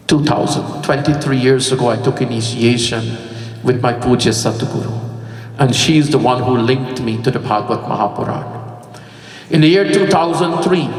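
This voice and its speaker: A man giving a devotional discourse, telling stories and breaking into chanted verses. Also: mid-range voice. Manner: storytelling, breaks into sung Sanskrit verses. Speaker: pandit reciting scripture. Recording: echoey hall, voice from far off, faint music.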